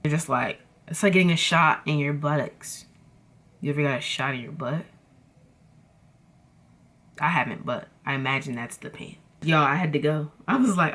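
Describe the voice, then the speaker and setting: Animated young woman telling a storytime. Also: low-pitched, normal speed, pauses often. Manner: animated, dramatic, slangy, addresses viewers as y'all. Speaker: vlogger. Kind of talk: casual storytime chat.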